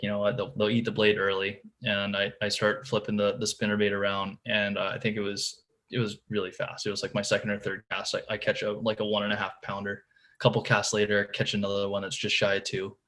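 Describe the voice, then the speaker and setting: A man with a slightly low voice tells a long fishing story as a podcast guest. He talks casually and loosely, says "dude" and "man" a lot, and often repeats himself as he restarts a sentence. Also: monotone, brisk, fairly bright tone. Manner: restarts and repeats words while telling the story. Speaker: podcast guest, tournament bass angler.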